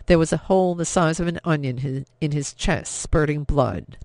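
A man reading a novel aloud as an audiobook narrator, in a steady, measured storytelling manner. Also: a little high, no room sound. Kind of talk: scripted narration.

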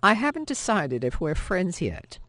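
A woman's voice: on the low side, sing-song, moderate pace, fairly bright tone, dry recording. A woman voicing a brusque young male ex-convict in an audiobook, curt and teasing. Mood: insistent. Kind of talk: audiobook character voice.

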